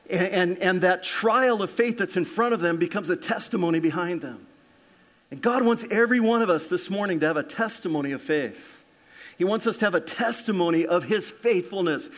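Pastor guy preaching, high voice, does little voices for the bible folks. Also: brisk. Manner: animated, acts out voices of people in the story. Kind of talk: sermon.

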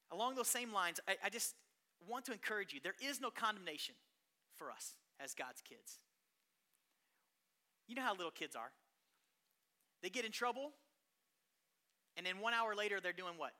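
A pastor preaching a sermon, telling stories in an animated way that swings between hushed and loud. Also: medium pitch, normal speed, long pauses.

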